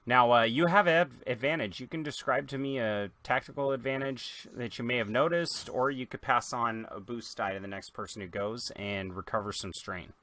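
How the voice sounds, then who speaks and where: A man's voice: medium pitch, moderate pace, few pauses, bright, forceful tone. A man as game master, explaining rules and narrating scenes in a tabletop role-playing game.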